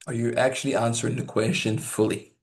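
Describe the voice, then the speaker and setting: A man working as a language test examiner, teaching learners in a deliberate way, often checking in with "okay?" and acting out example sentences to show stress and intonation. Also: medium pitch, flat delivery, vocal fry. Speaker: IELTS examiner giving tips.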